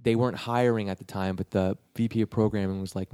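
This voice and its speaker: A man's voice: fairly low pitch, fairly even intonation, fast talker, warm tone, clear, resonant tone, no echo, studio quality. A man from New York telling a long personal story in a casual, rambling way, with many restarts and acted-out quotes. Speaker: guest telling his career story.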